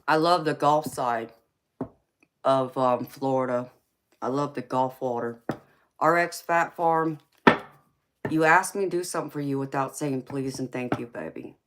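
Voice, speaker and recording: An unhurried woman with a very deep voice pauses often as she hosts a casual tarot livestream, with background noise present. She comes from the Southern United States, has a heavy accent, and keeps things sassy and teasing, laughing frequently and calling viewers honey and baby.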